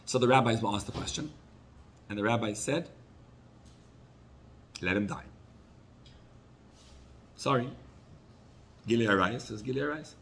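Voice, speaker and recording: A male rabbi telling a story in a sermon, acting out the people he quotes and dropping his voice low for sad moments. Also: fairly quick, vocal fry, pauses often, fairly bright tone, a little hiss or hum.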